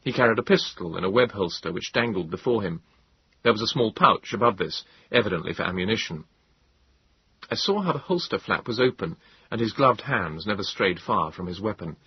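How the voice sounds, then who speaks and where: A man narrating a story in a measured, grave way. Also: lowish voice, expressive, breathy edge, no echo. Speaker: audiobook narrator. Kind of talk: scripted narration. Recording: slightly dull, dry recording.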